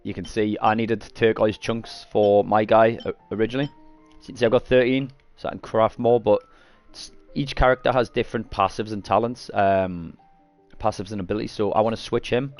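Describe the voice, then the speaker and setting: A man's voice: fairly low pitch, steady tone, a little fast, soft background music. A man casually walking viewers through a game, rambling and correcting himself, with a cough that keeps interrupting. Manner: rambling, self-correcting, frequent coughs and throat clearing. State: coughing after eating garlic. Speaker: gaming streamer. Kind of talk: casual gameplay tutorial.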